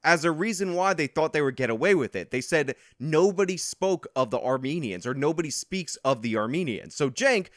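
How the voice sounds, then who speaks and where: Combative male commentary host, sarcastic and lecturing, slightly high voice, dry close sound. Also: expressive, normal speed, hardly any pauses, fairly bright tone, no echo. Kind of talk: reaction commentary.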